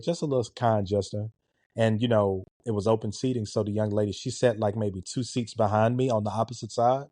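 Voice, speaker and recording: Man, 40s, laid-back storyteller, low dark voice, dry close mic. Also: no room sound. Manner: animated, conversational, with a laid-back, relaxed tone. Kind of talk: casual storytelling.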